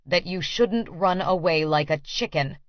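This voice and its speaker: A man's voice: high-pitched, unhurried, dry recording. A woman voicing a sarcastic, teasing older brother with a dry, joking drawl, in an audiobook. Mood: wry. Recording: dry, slightly dull studio audio.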